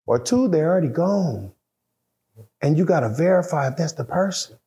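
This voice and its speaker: A man telling a story in casual, profane, animated talk, acting out the voices of the people in it. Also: on the high side, moderate pace. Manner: profane, animated retelling, acts out quoted voices.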